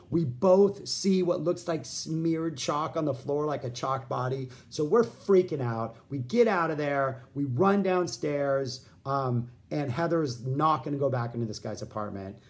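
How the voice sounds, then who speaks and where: A man in his fifties hosting a vlog, telling a long story in a rambling way, full of fillers and restarts. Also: on the high side. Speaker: host.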